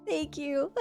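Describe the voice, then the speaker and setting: A woman streaming casually, bubbly and excitable, gasping and chatting to her viewers. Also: high voice, gravelly. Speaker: livestreamer. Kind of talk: casual livestream chat.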